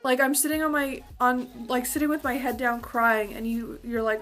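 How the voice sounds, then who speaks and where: Young woman venting, higher voice. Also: normal speed, soft background music. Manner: venting, frustrated, peppered with "like"; quotes others in lively put-on voices. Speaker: vlogger. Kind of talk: casual chat.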